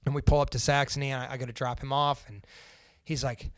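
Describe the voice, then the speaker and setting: A man's voice: a little high, steady tone, fast talker, hardly any pauses, clear, resonant tone, no echo, studio quality. A young man from Central Indiana, a podcast guest casually telling a personal story, swearing freely and acting out what others said. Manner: casual and profane, acts out the quoted lines.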